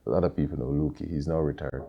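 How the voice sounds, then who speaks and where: A middle-aged man with a Jamaican accent, telling stories in a relaxed interview with many fillers and restarts. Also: very deep voice, quick pace, gravelly, slightly rough, highs cut off. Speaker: interview guest, Caribbean store owner. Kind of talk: casual conversational interview.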